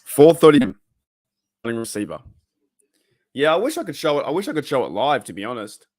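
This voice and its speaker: A man's voice: mid-range voice, very animated, fairly quick. A young Australian man hosting a casual livestream, chatting loosely and reading out viewers' messages. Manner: rambling, reads chat aloud, loose and chatty. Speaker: livestream host.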